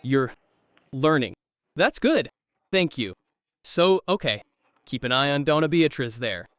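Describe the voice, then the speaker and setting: A man doing a stand-up comedy set, telling stories with lively crowd work and swearing. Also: a little high, measured pace, dry recording, studio quality, far from the mic. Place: comedy club stage.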